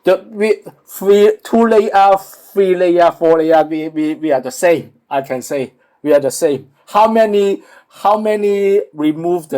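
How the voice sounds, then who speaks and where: Slow, halting Hong Kong-accented man. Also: sits high, dark tone. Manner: halting, repeats words, hums along. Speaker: English learner. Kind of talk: casual lesson talk.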